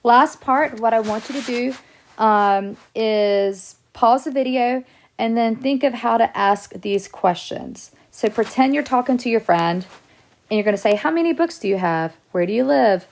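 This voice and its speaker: A woman's voice: a little high, unhurried, creaky, slight background noise. A woman teaching a Spanish lesson to her students, reading out example sentences and explaining each answer step by step. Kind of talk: classroom lesson video.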